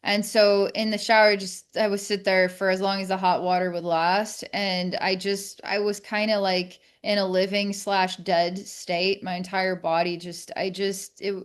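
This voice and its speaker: Woman guest, mid-pitched, candid storytelling, halting and reflective. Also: little pitch movement, clean tone. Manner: reflective, halting, with many restarts. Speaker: podcast guest.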